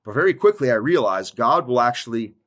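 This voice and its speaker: A man's voice: medium pitch, lively intonation, brisk, a bit bright. A man giving a casual testimony monologue to his viewers, rambling in slangy speech, saying "dude" often and laughing mid-sentence. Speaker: YouTuber giving a Christian testimony.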